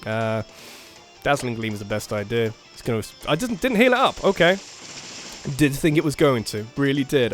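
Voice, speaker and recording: A man talking through a game as he plays, his voice climbing high and dropping low as he swings between quiet planning and sudden excited outbursts. He laughs often and thinks out loud, with light music playing faintly behind him. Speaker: let's play gamer. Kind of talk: casual game commentary.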